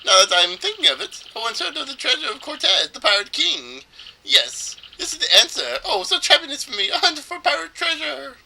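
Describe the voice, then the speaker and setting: A man's voice: very high-pitched, big pitch swings, brisk, vocal fry, pushed and bright, pitched above the performer's own voice, heavily acted, low-quality recording. A man voicing a pompous, flamboyant rich merchant in a theatrical, grandiose way while reading game dialogue. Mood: excited.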